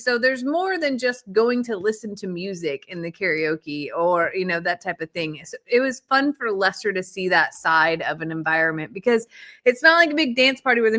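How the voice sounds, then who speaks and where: A woman's voice: a little high, a bit bright. A woman co-hosting a casual chat show, chatty and reflective, teasing her partner. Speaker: podcast co-host.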